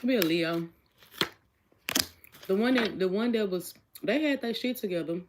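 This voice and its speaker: A woman's voice: mid-range voice, expressive, measured pace, noisy background. A woman giving a casual tarot reading, chatty and repetitive, asking each question aloud and talking straight to her viewers. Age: adult with a child. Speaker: tarot reader.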